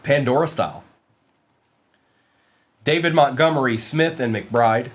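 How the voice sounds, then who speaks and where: A man's voice: medium pitch, measured pace. A man hosting a live card-break stream, calling out cards while chatting and joking with his viewers. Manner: joking, playful asides to chat.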